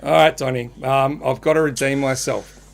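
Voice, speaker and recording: A man's voice: mid-range voice, fairly even intonation, moderate pace, vocal fry. A middle-aged Australian man co-hosting a podcast, rambling and laughing through his stories and jokes in casual banter. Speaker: podcast co-host. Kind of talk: casual banter, telling a dad joke.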